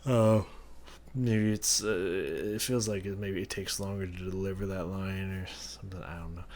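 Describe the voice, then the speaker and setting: A man's voice: deep voice, steady tone, normal speed, a little mellow. A man hosting a music reaction video, thinking aloud as he analyzes a song and searching for his words. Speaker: music reaction channel host.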